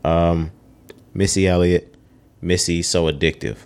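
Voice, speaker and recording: A man with a very low voice co-hosts a podcast in loose, casual chat. He is opinionated and swears freely as he works through a ranked list. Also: little pitch movement, a little slow, darkish tone. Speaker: podcast co-host.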